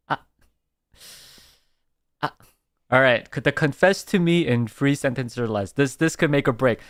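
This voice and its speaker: A man's voice: mid-range voice, a little slow, pauses often, fairly bright tone, no echo, studio quality. A man streaming casually, talking playfully in a rambling way, full of fillers and restarts. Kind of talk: casual livestream chat.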